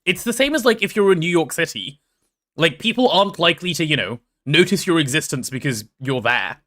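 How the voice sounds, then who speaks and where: A young man with a posh London accent chats on a live stream, his voice bright and ringing. His pitch climbs and swoops as he reads chat aloud and plays up mock outrage. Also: a little fast. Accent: London English. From England. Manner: chatty and animated, reads chat aloud, playful mock drama.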